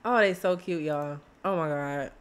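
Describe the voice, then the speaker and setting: Woman streamer, unhurried, chatty, excitable let's-play commentary. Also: deep voice, smooth. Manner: chatty, excitable, talks to viewers as "y'all". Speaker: gaming streamer.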